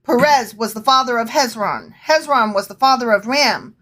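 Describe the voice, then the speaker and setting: A woman co-hosting a podcast in easy casual chat. Her voice sits a little high. She is playful and swears freely, and she throws in dramatic asides while reading scripture aloud. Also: moderate pace, fairly bright tone. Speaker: podcast co-host.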